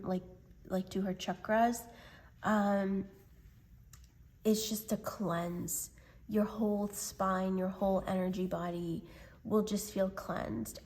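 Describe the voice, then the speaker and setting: Slow, hesitant woman tarot reader. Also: medium pitch. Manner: gentle, hesitant, many pauses and fillers. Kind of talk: unscripted spiritual reading.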